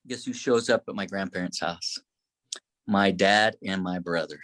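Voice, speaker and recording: A man's voice: low-pitched, normal speed. A man, a guest on a podcast, telling a personal story in a rambling, emotional way, with many restarts, acting out his own past words. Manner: grows excited and tearful in the telling.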